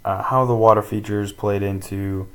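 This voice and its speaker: A man teaching a casual screen-recorded tutorial, rambling with many pauses and ums. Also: lowish voice, steady tone, smooth, rough recording.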